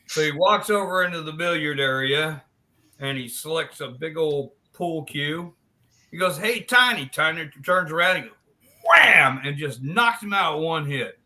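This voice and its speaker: A man hosting a live chat stream, telling long crude jokes in a loose, animated way. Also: a little high, normal speed. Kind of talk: joke telling in casual chat.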